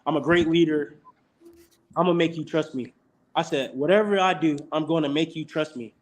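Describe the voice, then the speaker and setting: Fairly high in pitch and fairly quick, the voice belongs to a young adult man who plays college football. In a laid-back podcast interview, he tells stories animatedly, performing each quote.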